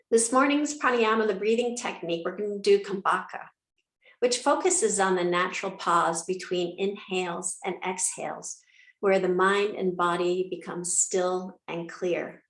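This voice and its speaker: Slow, calm woman yoga teacher. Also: fairly low pitch, vocal fry, echoey room, poor audio. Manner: calm, unhurried, with soft pauses and fillers. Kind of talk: guided breathing instruction.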